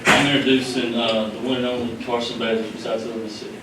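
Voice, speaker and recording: A young man speaks fast in a flat, even voice, teasing as he goes. He is heard from far off in a large echoing hall. Noise sits underneath him. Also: mid-range voice. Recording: echoey hall, distant mic, noisy.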